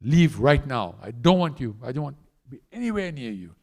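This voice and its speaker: A man's voice: mid-range voice, very animated, normal speed. A man voicing an angry, jealous young woman who scolds her lover sharply and sarcastically while retelling a sacred story. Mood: angry scolding.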